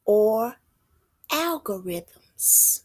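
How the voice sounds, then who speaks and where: A woman teaching as a self-styled prophetess, thinking aloud in a halting way and stopping to read passages out. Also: mid-range voice, big pitch swings, darkish tone. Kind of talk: slow spoken teaching.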